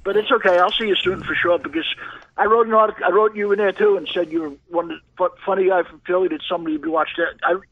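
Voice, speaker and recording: A man calling in to a podcast, excitable and stumbling over his words. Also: high-pitched, fast, no room sound, phone-quality sound. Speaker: caller. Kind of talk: casual chat.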